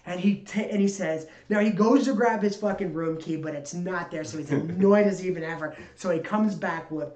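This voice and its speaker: A woman co-hosting a podcast, telling a long story in a casual, profane, animated way. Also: fairly low pitch, moderate pace, hardly any pauses, dull audio. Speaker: podcast co-host. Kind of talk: casual chat. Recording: echoey room.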